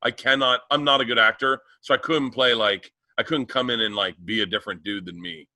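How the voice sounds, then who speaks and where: A man's voice: mid-range voice, fairly quick, sharp tone. A man co-hosting a podcast, rambling and stammering through stories in casual banter. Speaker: podcast co-host.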